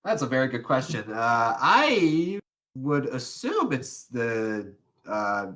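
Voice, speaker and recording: A man's voice: mid-range voice, big pitch swings, slow, fairly bright tone. A young man co-hosting a casual podcast, rambling and restarting, often laughing as he talks. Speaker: podcast co-host. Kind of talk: casual chat.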